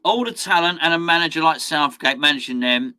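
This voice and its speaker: A man's voice: on the high side, brisk, pushed and bright, clean tone. A man hosting a football watchalong live stream, chatting casually with viewers, reading out their messages and laughing often. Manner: chatty, reads out chat, laughs often, sudden outbursts. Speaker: watchalong host.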